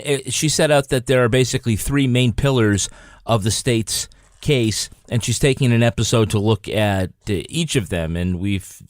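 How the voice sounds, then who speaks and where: A man co-hosting a podcast, giving measured, thoughtful views in casual chat. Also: medium pitch, dry recording, studio quality. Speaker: podcast co-host.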